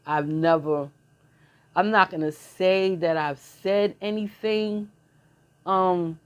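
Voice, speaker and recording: A woman's voice: fairly low pitch, fairly even intonation, slow pace, clear, resonant tone. A middle-aged woman telling stories in a blunt, slangy casual monologue, often laughing. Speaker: channel host.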